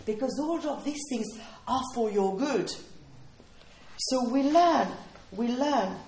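A woman delivers a sermon with earnest emphasis, circling back to repeat her key points. Her voice sits fairly high. The sound carries the roomy echo of a hall, with faint noise underneath. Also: animated, slow pace, darkish tone. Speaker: preacher.

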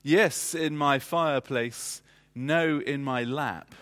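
A man's voice: medium pitch, fairly bright tone. Man preaching in a reverberant church. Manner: measured, emphatic delivery with frequent fillers. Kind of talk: sermon.

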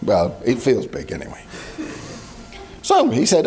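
A man's voice: mid-range voice, wildly swooping pitch, unhurried, pauses often, a little mellow. A man preaching a sermon in a conversational, storytelling way with asides to the congregation.

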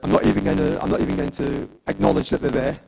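A man preaching and telling a personal testimony as a story, acting out the dialogue with lively energy and laughing along. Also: on the low side, fast, gravelly, low-quality recording.

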